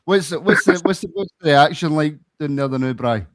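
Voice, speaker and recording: A man's voice: on the high side, moderate pace. A man hosting a football podcast, chatty and jokey, often repeating words. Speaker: podcast host. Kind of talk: casual podcast chat.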